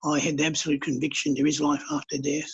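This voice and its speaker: A counsellor speaks with a calm, earnest manner. His voice sits fairly high for a man, gravelly and husky. The recording is dull and lo-fi. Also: fast talker. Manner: calm, earnest storytelling with blunt colloquial words. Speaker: counsellor and healer guest. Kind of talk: conversational podcast interview. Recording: dull lo-fi podcast audio.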